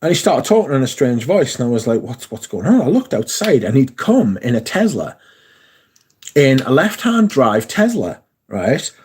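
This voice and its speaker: A man's voice: mid-range voice, very animated, moderate pace, darkish tone, husky. A man chatting casually on a livestream, rambling through stories and reading out viewers' comments. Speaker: livestream host.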